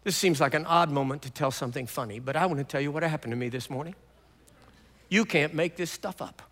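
High-voiced older preacher in a reverberant hall. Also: male voice, fast talker. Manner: animated storytelling, swings from quiet to loud. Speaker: pastor. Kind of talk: sermon.

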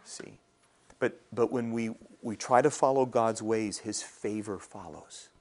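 A man's voice: on the low side, a little slow, a little mellow. A middle-aged male pastor preaching a sermon in a conversational way, often checking in with the congregation. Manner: conversational preaching with frequent "all right?" check-ins.

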